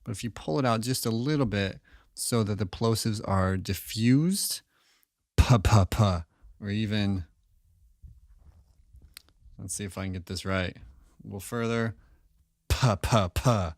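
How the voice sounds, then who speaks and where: A man with a lowish voice walks through a relaxed, offhand studio demonstration, full of fillers and restarts. He talks close into a microphone, and the sound is dry with almost no room echo. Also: unhurried, pauses often. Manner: relaxed, thinking aloud with many fillers and restarts. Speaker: audio tutorial host. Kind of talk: casual demonstration tutorial. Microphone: close studio microphone with pop filter.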